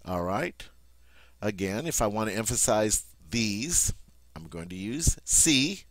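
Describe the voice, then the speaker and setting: A man's voice: on the low side, big pitch swings, slow pace, dry recording. A man teaching a French grammar lesson, emphatic and repeating "all right" often.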